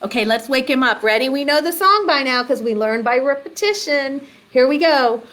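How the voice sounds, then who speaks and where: A woman's voice: sits high, moderate pace. A woman leading a children's storytime in a library, talking to young kids with big gasps, squeals and playful questions. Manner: animated, exaggerated gasps and squeals.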